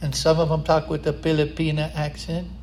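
A man preaching a sermon, impassioned and building to loud, emphatic climaxes. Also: a little high, monotone, brisk, slight background noise.

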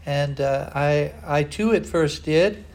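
An older man preaching a sermon in an earnest, rambling way, often pausing on "uh". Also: a little high, a little mellow. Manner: earnest, digressive, frequent "uh" fillers.

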